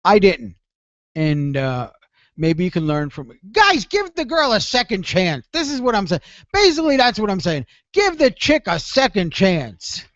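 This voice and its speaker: A man's voice: high-pitched, wildly swooping pitch, moderate pace, a bit bright, no room sound, dull audio. A man hosting a call-in radio show, talking in a rambling, self-deprecating way and often repeating himself. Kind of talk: confessional call-in radio monologue.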